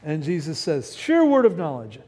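Male pastor, sermon delivery, high voice with a swooping, lively range; hall reverb. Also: normal speed, breathy edge. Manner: animated, rhetorical questions, breaks off mid-word. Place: church sanctuary.

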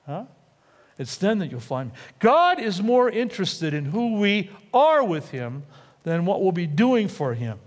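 Animated male preacher in a reverberant hall. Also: a little high. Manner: animated, acts out quotes with rising and dropping voice. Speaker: pastor. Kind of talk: sermon. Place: church sanctuary.

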